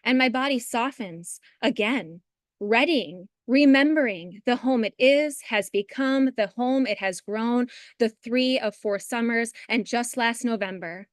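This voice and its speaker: A woman in her thirties, a poet, chatting brightly and then reading her poems over a video call. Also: a little high, a little slow, no room sound, studio quality. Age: 30s.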